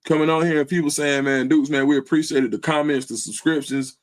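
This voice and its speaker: A man's voice: on the high side, steady tone, fairly quick. A man hosting his own livestream, speaking in an earnest, loose way with lots of slang fillers. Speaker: livestream host. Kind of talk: casual heartfelt livestream talk.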